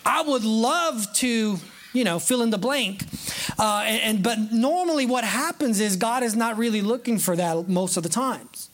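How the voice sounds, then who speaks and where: A man preaching as a pastor to his church, excited, chatty and joking as he goes. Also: high-pitched, moderate pace. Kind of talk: sermon. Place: church sanctuary.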